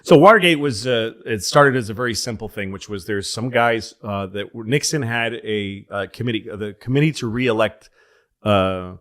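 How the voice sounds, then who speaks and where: A man's voice: lowish voice, normal speed. A man in a casual chat, rambling through history stories, quoting people and swearing. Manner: rambling, animated history storytelling with quoted voices and profanity.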